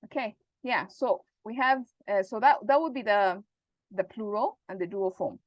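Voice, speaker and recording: A woman teaching Arabic grammar in an online class, explaining slowly and checking that students follow. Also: mid-range voice, no echo, muffled recording. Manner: patient, repeats points and checks understanding.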